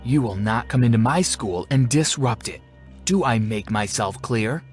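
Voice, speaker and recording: A man voicing a stern, calm, scheming female school principal who talks in a cold, measured, threatening way, in a storybook reading. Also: medium pitch, soft background music, natural voice. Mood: calm menace.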